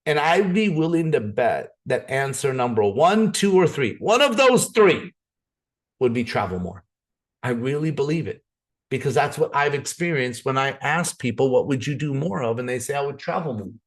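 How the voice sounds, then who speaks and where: A man giving an energetic, persuasive sales presentation, often repeating words as he pushes ahead. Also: mid-range voice, moderate pace.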